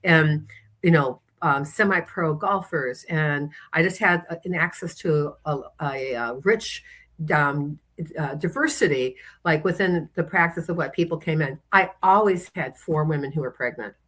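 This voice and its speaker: A woman's voice: low-pitched, unhurried, fairly bright tone. A woman chiropractor, a podcast guest, telling long rambling stories and acting out the people she quotes. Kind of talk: casual interview storytelling.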